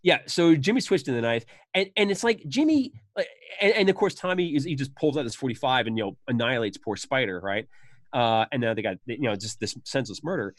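Kuru bir odada canlı anlatan bir adam. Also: male voice, brisk, no room sound, clean studio sound. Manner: animated, acts out quoted lines with sudden high bursts. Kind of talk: casual chat about a film.

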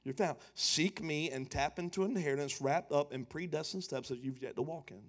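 A man preaching a sermon, emphatic and playful, swelling to loud lines. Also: fairly high pitch, a little fast. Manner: emphatic, building to loud punchlines, playful asides.

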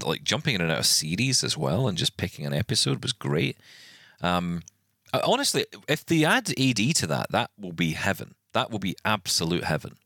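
Animated deep-voiced podcast host. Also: male voice, no echo, studio quality. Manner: animated, exasperated ranting with many restarts. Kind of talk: casual chat.

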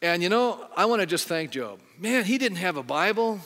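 A man's voice: sits high, big pitch swings, moderate pace, a bit bright. Conversational male pastor in a reverberant hall. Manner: conversational, asks the congregation many questions. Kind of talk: sermon with altar call. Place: church sanctuary. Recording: long hall reverb with faint music.

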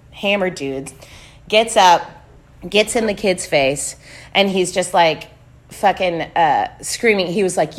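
Animated young woman telling a story. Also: on the low side, a little slow. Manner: swears a lot, acts out quotes, laughs often. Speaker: touring musician, podcast guest.

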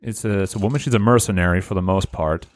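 A man's voice: low-pitched, dry recording, clean studio sound. A man hosting a casual comedy podcast, joking around and filling gaps with lots of "uh". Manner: animated, joking, halting with many fillers. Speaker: podcast host.

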